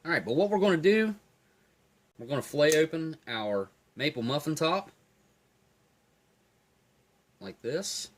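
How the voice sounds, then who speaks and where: A man's voice: on the high side, measured pace, long pauses. Man reviewing field rations on camera. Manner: relaxed, enthusiastic tasting commentary. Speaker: food reviewer. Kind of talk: casual food review.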